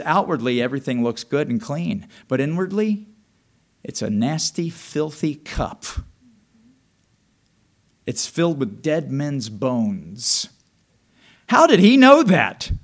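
A middle-aged male pastor preaching a sermon, swinging from loud declarations to hushed, intimate asides. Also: a little high.

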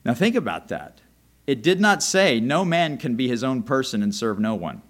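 A man preaching a sermon, swinging from quiet, low asides to loud emphatic calls, joking and putting rhetorical questions to the congregation. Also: very animated, normal speed. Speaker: pastor.

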